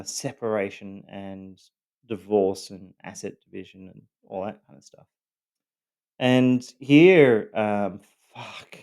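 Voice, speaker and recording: A man telling his own story of family abuse in a halting, blunt way, full of fillers and the odd swear word. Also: on the low side, a little mellow, smooth. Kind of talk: personal storytelling to camera.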